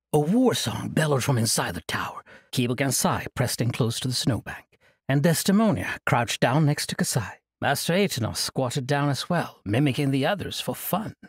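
Husky-voiced male audiobook narrator. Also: mid-range voice, no echo, studio quality. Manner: expressive storytelling.

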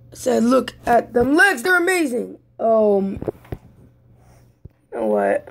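Playing a mobile football game, a young female YouTuber narrates with exasperation, her whispered grumbles breaking into abrupt yelps and shouts. She speaks slowly in a slightly high, sing-song, creaky voice and pauses often.

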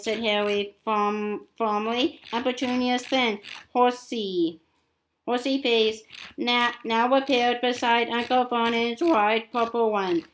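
A woman's voice: fairly high pitch, steady tone, takes it slowly, a little hiss or hum, low-quality recording. A woman reading a novel aloud, often stumbling and repeating words. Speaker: reader.

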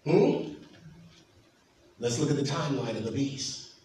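A pastor preaching a sermon, emphatic and asking the congregation questions. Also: male voice, mid-range voice, huge pitch swings, measured pace, warm tone. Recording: echoey hall from far off, faint noise.

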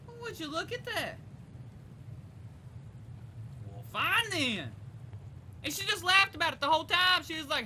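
A young woman plays a game and reacts out loud in excitable, chatty commentary. Her voice is high and very bright, and it swings widely up and down. A faint background hum sits under her. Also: normal speed. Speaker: gaming YouTuber. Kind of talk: let's play commentary.

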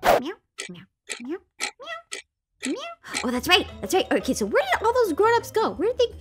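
A woman's voice: extremely high pitch, big pitch swings, normal speed, over music. A woman voicing a mischievous, bratty little girl kitten in a Minecraft role-play, meowing a lot and scheming. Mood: gleeful. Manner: meows constantly, gleeful and sneaky.

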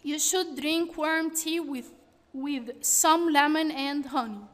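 A woman teacher reads through exercises slowly and carefully, stating each answer. Her voice sits high, and it carries a long echo from the room. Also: fairly bright tone. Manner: slow, deliberate reading of answers. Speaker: English teacher. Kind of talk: reading workbook exercises aloud.

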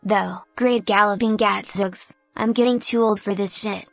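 A woman's voice: medium pitch, steady tone, a little slow, creaky, no room sound, faint music behind. A woman voicing a bruised, grumpy older male alicorn who grumbles wryly. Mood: grumbling. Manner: grumbling, wry.

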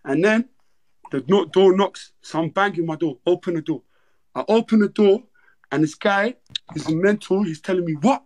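A man hosting a livestream, retelling events in fast, slangy, repetitive chat. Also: high voice, a little mellow. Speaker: livestream host. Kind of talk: animated storytelling on a livestream.

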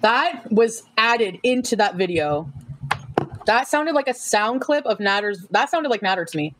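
A woman's voice: on the high side, expressive, unhurried, a bit bright. A woman chatting casually on a livestream, rambling from topic to topic and laughing often.

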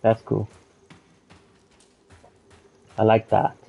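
A man's voice: lowish voice, completely flat delivery, drawn-out words, gravelly, slightly rough, narrow, tinny audio. A man streaming a video game, reacting casually, swearing now and then, and reading in-game text aloud. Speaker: gaming streamer. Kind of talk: let's play commentary.

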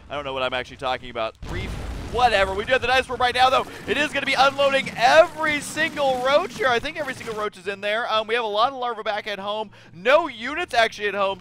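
Man, game caster, high voice, bright tone, excitable, jokey. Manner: excitable, jokey, often breaks into high-pitched shouts. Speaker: esports caster. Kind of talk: game commentary.

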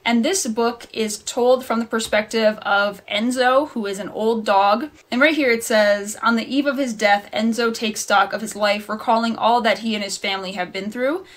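A woman's voice: fairly high pitch, fairly even intonation, normal speed, few pauses. A young adult woman chatting to camera in a casual book review vlog, rambling and laughing at her own slips. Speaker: book vlogger.

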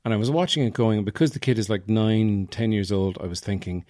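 A low-voiced Irish man talks through a casual comic monologue, rambling and wry as he pokes fun at himself. The sound is dry and close, with no room around him. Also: fairly quick, hardly any pauses, warm tone, no room sound. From Ireland, Offaly. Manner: rambling, wry, self-mocking. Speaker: podcast host.

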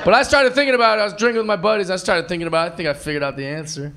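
Brash high-voiced male stand-up comic. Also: racing, a crowd in the background. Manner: brash, swinging between shouting punchlines and muttering asides. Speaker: stand-up comedian. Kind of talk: live stand-up comedy. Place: comedy club stage with a laughing audience. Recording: live club recording with audience noise.

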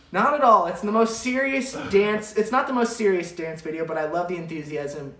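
An upbeat, chatty livestream host, rambling through fillers. The voice sits in a mid pitch and rings around an echoey room, picked up by a mic set well back. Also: unhurried, a bit bright. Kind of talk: casual livestream chat. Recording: roomy sound from a distant mic.

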